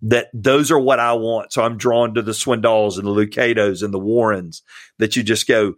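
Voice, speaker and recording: With a fairly low, steady voice at normal speed, a pastor from Georgia, US chats casually as a podcast guest in a dry, clean studio recording. He tells stories sincerely and speaks with real warmth about his mentors.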